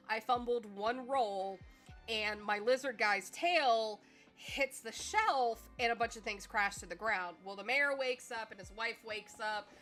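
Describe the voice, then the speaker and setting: A woman streamer tells a story in a casual, rambling way, with lots of fillers and acted-out quotes. Her voice sits somewhat high and sounds bright. Soft music plays faintly in the background.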